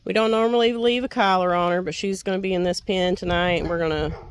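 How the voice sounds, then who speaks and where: A woman's voice: on the low side, fairly even intonation, fast, a little hiss or hum, rough recording. A tired woman chatting casually to her vlog audience outdoors by the animal pens in a folksy way. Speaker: homestead vlogger. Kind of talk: casual chat to camera.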